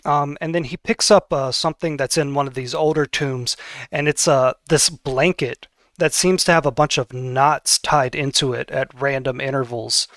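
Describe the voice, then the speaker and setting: A man's voice: mid-range voice, steady tone, normal speed, a bit bright, no echo, studio quality. A man narrating as game master, easygoing and conversational.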